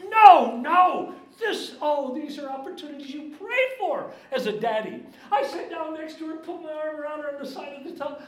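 A man giving a church seminar talk, telling stories with animated, emphatic swings into high excited tones. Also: normal speed, hardly any pauses. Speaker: guest speaker at church seminars. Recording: very echoey hall with faint room noise.

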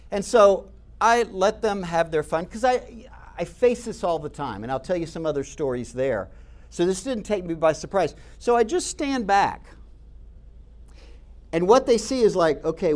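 A man telling stories in a conversational way, speaking straight to his listeners and acting out the voices he quotes. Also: a little high. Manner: conversational, addresses listeners directly. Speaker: speaker recounting campus talks. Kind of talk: animated storytelling talk.

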